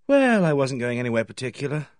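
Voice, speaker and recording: A man's voice: medium pitch, sing-song, quick pace, no echo, studio quality, close to an everyday voice. A man reading aloud and voicing an awkward, artless young woman who speaks in a guileless, offhand way.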